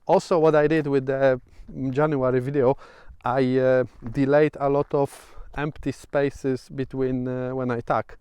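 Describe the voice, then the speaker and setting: A man with a Polish accent rambles through a casual vlog update, pausing often on fillers and restarting his sentences. His voice is smooth and resonant, recorded close and dry with no room sound. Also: medium pitch, level tone, darkish tone, dry recording. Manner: hesitant, many fillers and restarts. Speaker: vlogger. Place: outdoors at sunset.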